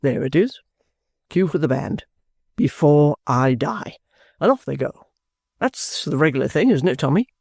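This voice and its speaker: Guy doing a pompous hammy actor, slow and drawn out, dry close sound. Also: on the high side, sing-song, vocal fry, a little mellow, breathy edge, dry recording, heavily acted. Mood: showy. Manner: slow, drawn-out, grandly theatrical. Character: pompous theatrical actor, grown man.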